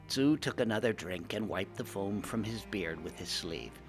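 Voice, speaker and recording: A man narrating a fantasy adventure story, genteel and animated in first person. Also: lowish voice, moderate pace, hardly any pauses, music in the background. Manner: genteel and animated, playing the old gnome monk narrator.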